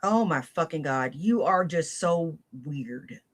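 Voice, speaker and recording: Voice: medium pitch, animated, takes it slowly. A stream host giving mocking, crude live commentary on a clip. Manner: sneering, crude. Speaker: stream host reacting to clips.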